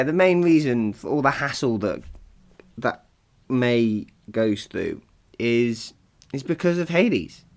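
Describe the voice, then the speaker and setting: A man's voice: medium pitch, gravelly. A man hosting a casual solo podcast, chatty and rambling, laughing often and poking fun at himself. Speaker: podcast host.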